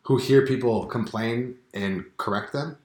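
A man's voice: mid-range voice, measured pace, darkish tone. Candid swearing man in an echoey room. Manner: candid, swears freely, acts out little scenes. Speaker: podcast co-host. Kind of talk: casual chat.

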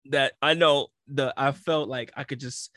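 A young man in casual chat, telling a story in a slangy, animated way and acting out the other people in it. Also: mid-range voice, a little slow, no echo, studio quality. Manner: slangy, animated storytelling with frequent laughs and acted-out quotes.

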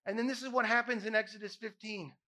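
A man's voice: high voice, steady tone, fast, pushed and bright. A man preaching as a pastor, impassioned and emphatic, repeating phrases for effect. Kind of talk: sermon.

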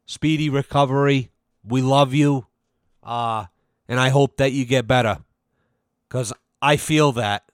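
Podcast guy ranting and cursing, mid-pitched voice, dead dry sound. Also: unhurried, long pauses, clean tone, no echo. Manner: profane, animated ranting. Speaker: podcast host. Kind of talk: casual rant.

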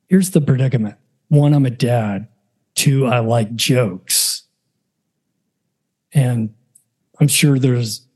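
A man's voice: mid-range voice, dark tone, husky. A middle-aged man and father hosting his own podcast, talking casually in a self-deprecating, joking, rambling way from his home setup. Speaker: podcast host. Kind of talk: casual solo podcast talk.

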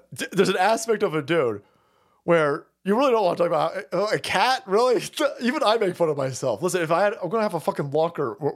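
Male stream host, crude and chatty, tells stories with plenty of laughs, voice swings up and down. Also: a little high. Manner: swears constantly, laughs often, animated storytelling. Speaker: livestream host reading chat. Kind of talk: profane casual rant.

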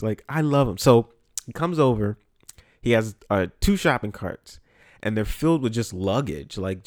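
A man hosting a podcast, telling stories in a profane, animated way, with congested sinuses. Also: medium pitch, dry recording, studio quality. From the Bronx, New York. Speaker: podcast host. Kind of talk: casual storytelling monologue.

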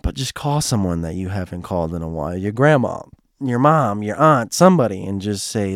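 A man with a low, hoarse voice tells a personal story straight to his listeners. He rambles and circles back, mixing earnest feeling with quick jokes. The recording is dry and close, with no room sound. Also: animated, no room sound. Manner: rambling, restarts often, heartfelt and joking. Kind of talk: casual personal storytelling monologue.

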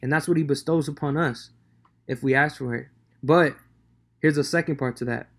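A man's voice: on the high side, moderate pace, a bit bright. A man giving a casual devotional talk on scripture, slangy and conversational with many fillers. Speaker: devotional speaker.

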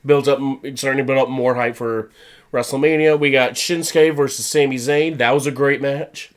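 A man's voice: mid-range voice, steady tone. Man, co-host, casual recap, stuffy nose from a cold, rambling. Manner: casual rambling recap, quick mocking paraphrase of wrestlers. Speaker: podcast co-host.

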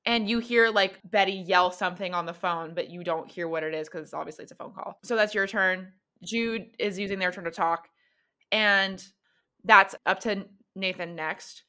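A woman narrating as game master in a tabletop game, with a bright, clear tone. She talks casually and loosely, full of "like" and restarts. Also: mid-range voice, normal speed. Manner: casual, filler-heavy narration.

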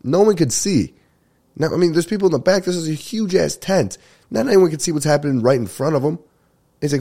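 A man's voice: a little high, big pitch swings, moderate pace, pauses often, warm tone. A young man hosting a comedy podcast, rambling through stories with lots of swearing and laughter, sounding congested as he gets over a sinus infection. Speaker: podcast host. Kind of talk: casual comedic storytelling.

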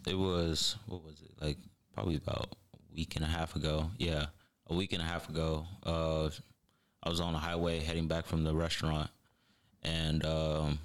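A man with a very deep, low voice. He tells stories in a loose, slangy way and laughs easily. He is a guest on a casual podcast chat. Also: flat delivery, normal speed, clear, resonant tone. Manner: laid-back storyteller, slangy, laughs often.

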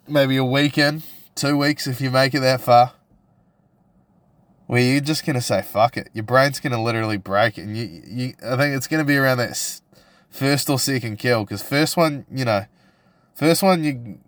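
A man's voice: medium pitch, no room sound. Young kiwi bloke swearing his way through a podcast rant, crude and cocky, dead dry sound. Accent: New Zealand. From New Zealand. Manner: crude, profane and provocative, full of restarts. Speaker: podcast host. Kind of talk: casual solo podcast rant.

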